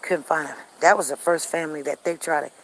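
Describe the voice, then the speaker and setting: Woman vlogger, fairly low voice, chatty and animated storytelling on a walk, faint crickets behind. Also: quick pace, slight background noise, poor audio. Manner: chatty, animated, addresses viewers directly. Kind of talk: casual storytelling to viewers. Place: outdoors on a walk.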